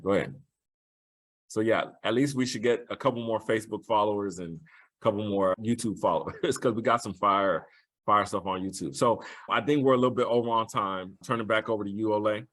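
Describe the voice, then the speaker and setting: A man speaking as a guest mentor on a podcast, relaxed and conversational, saying y'all. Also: on the low side, brisk. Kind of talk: casual podcast chat.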